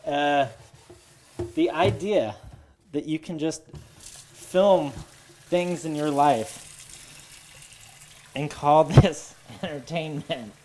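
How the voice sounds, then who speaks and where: A woman hosting a home cooking show, talking in a rambling, wry and self-deprecating way in her kitchen, a little nervous and halting. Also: deep voice, darkish tone, a little hiss or hum. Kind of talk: rambling casual monologue while cooking. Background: running water and sizzling pan.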